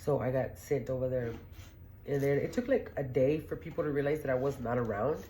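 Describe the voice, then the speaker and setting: This middle-aged woman has a bass voice with a dark tone and speaks a little fast, with slight noise behind her. Hosting her podcast, she spins blunt, profane, wandering stories in a casual monologue and laughs along the way.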